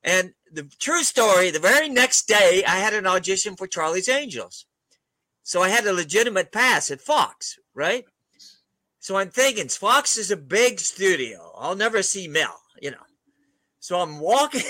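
An older man tells stories as an interview guest. He chuckles often and keeps a relaxed, anecdotal flow. His voice is high and bright, and the recording is dry and close. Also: dry recording, rough recording. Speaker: guest author.

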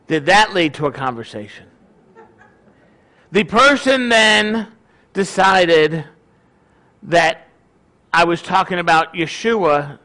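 High-voiced rabbi guy preaching, chatty and animated, bright sound. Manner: conversational, animated storytelling. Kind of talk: sermon with a personal story.

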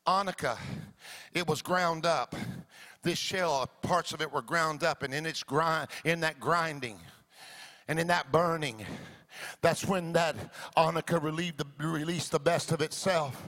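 A man preaching a sermon in a church, swinging from jokey asides to shouted, sung-out exclamations. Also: a little high, steady tone, unhurried. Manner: playful, jokey asides to the congregation.

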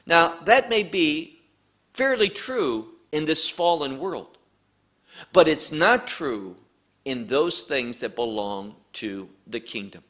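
A man's voice: a little high, animated, slow pace, pushed and bright. A man teaching through a Bible passage verse by verse, speaking emphatically and repeating key words for stress.

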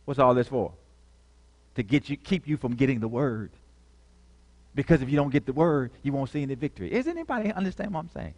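A man's voice: medium pitch, animated, a little fast, a little mellow. A man preaching a sermon, repeating key words and calling for answers from the congregation. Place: church. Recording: long reverb of a church hall.

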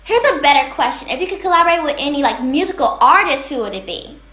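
Bubbly female interviewer, high voice, echoey room. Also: lively intonation, fast talker, a bit bright. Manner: bubbly, gushing praise, rambling questions. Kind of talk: casual interview.

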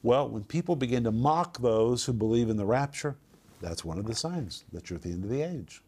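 A man's voice: mid-range voice, expressive, brisk, a little mellow, slightly rough. A man teaching a home group Bible study, emphatic and repeating words for stress.

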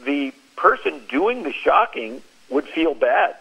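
A man giving a Christian talk on a radio show, telling stories in an animated way and acting out the quoted lines. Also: on the high side, takes it slowly, creaky, breathy edge, low-quality recording. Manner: animated storyteller who acts out quoted speech. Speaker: Christian speaker.

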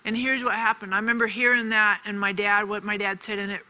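A woman's voice: mid-range voice, steady tone, a little fast, hardly any pauses, bright, forceful tone, rough recording. A woman giving an earnest televised faith teaching, telling a personal story and repeating phrases for emphasis. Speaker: TV ministry teacher.

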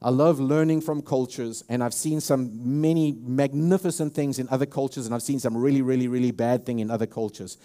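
A man's voice: medium pitch, fairly even intonation, fairly quick, few pauses, mellow. A man with a South African accent preaching a sermon as a pastor, emphatic and full of restarts and repeated words. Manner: repetitive, emphatic, with many restarts.

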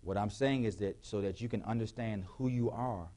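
A male pastor preaching a sermon in a church, with call-and-response questions to the congregation, sometimes rising to shouts. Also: lowish voice, moderate pace. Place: church sanctuary.

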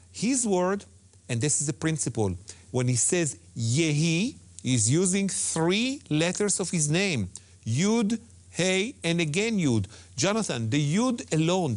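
Emphatic man explaining words. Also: fairly high pitch. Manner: emphatic, repeats key words, non-native phrasing. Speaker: Hebrew teacher guest. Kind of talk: animated religious TV discussion.

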